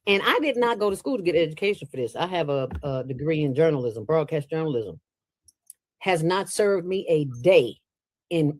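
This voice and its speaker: A woman as an interview guest, talking in a playful, preachy way with sudden jumps in pitch. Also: a little mellow, no room sound. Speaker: interview guest, nonprofit founder. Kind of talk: casual interview talk.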